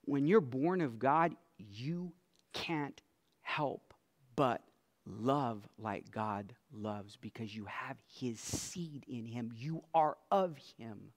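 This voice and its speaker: A man preaching a sermon as pastor. His voice drops to a hush and then swells into loud, emphatic lines. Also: mid-range voice. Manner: swings from soft, hushed lines to loud emphatic declarations; slow and deliberate, stretching out scripture lines.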